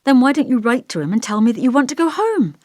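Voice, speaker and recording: An earnest young woman, voiced by a woman narrator, tentative and coaxing, her pitch lifting and falling a lot. The sound is close and dry. An audiobook read with light touches of character. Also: big pitch swings, fast talker, a little mellow, dry recording. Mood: bewildered. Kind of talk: audiobook dialogue reading.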